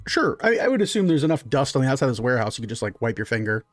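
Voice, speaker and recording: A man's voice: medium pitch, big pitch swings, rapid-fire, no echo, soft background music. A man running a tabletop game as game master, narrating in a loose, chatty way with lots of fillers.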